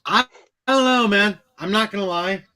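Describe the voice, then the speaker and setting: Man, high bright voice, slow laid-back joking, dry close sound. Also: dry recording. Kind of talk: casual podcast chat.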